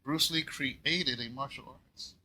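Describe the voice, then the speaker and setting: A man pastoring a church, telling a story in a casual, rambling way and often clearing his throat. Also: mid-range voice, slow, pushed and bright, low-quality recording. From California. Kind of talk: casual Bible talk.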